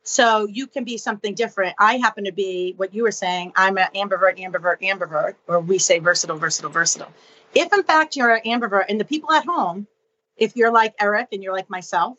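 Woman, podcast guest, animated explainer, acts out dialogue, slightly muffled sound. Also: medium pitch. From Boston area. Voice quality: expressive, acts out dialogue in voices.

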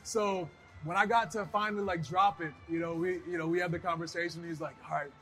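Man, high bright voice, animated interview guest who slips into voices mid-story. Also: fairly quick, faint music behind. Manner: animated, acts out voices in his stories. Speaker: guest, pro wrestler.

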